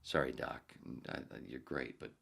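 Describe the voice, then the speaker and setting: A man's voice: very deep voice, vocal fry, slight background noise. A man hosting a podcast in a casual, profane, joking ramble, often dropping into muttered whispered asides, while in pain from a sore elbow. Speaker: podcast host.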